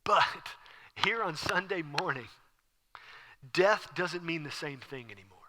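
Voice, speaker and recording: A man preaching an animated sermon as pastor, acting out scenes with sudden whispers and exclamations. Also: a little high, measured pace, noisy background. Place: church sanctuary. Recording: church hall with long reverb.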